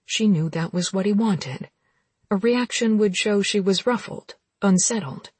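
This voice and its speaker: A woman narrating a romance audiobook with steady, even storytelling, recorded close. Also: mid-range voice, unhurried, slightly rough, no room sound.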